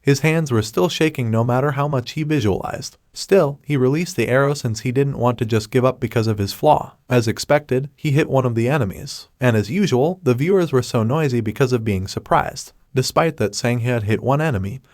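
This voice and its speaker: A man narrating a recap of a comic story in a steady, scripted storytelling voice. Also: mid-range voice, normal speed, hardly any pauses, no echo, clean studio sound.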